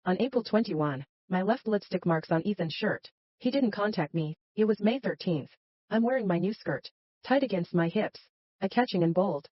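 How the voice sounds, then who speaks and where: A woman tells a first-person romance story in a dramatic way, sighing between lines. Her voice is breathy. The recording is dry and a little dull. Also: on the low side, no room sound. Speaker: narrator.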